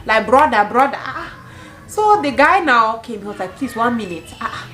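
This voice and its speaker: A young woman from Cameroon in her twenties tells a storytime vlog. Her voice sits a little high, and her storytelling is animated and broken up by bursts of laughter. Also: normal speed, soft background music, low-quality recording. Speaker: vlogger.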